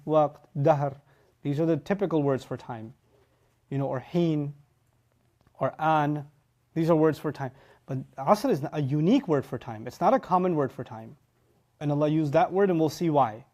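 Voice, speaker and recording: Animated, emphatic male religious lecturer. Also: a little high. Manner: emphatic, punches key words, acts out listeners' reactions. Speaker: teacher of Quran.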